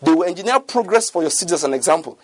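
A man's voice: fairly high pitch, animated, fast talker, no room sound. A middle-aged man preaching a sermon, earnest and repetitive, often checking that listeners follow him.

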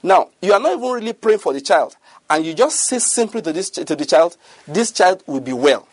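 A middle-aged male preacher with a fairly high, husky voice. He speaks earnestly and keeps checking whether his listeners follow him. The sound is dry and close, with no room echo. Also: lively intonation, fairly quick. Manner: earnest, repetitive, often asks listeners if they follow. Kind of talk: sermon.

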